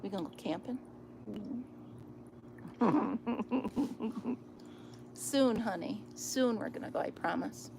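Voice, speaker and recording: Slow and marked by vocal fry and long pauses, this vlogger's medium-pitched voice carries over a loudly flowing river. Outdoors with her phone, she chats casually, amused, and often drops nearly to a whisper.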